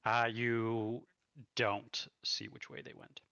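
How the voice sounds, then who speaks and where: A man's voice: medium pitch, little pitch movement, slow pace, pushed and bright, clean tone, no echo, muffled recording. A man running a tabletop game as game master, with a hesitant way of talking and many fillers.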